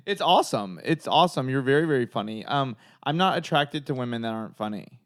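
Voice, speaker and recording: A man's voice: mid-range voice, animated, fast. A man in his thirties co-hosting a podcast, joking loosely with lots of filler words. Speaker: podcast co-host. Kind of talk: casual chat.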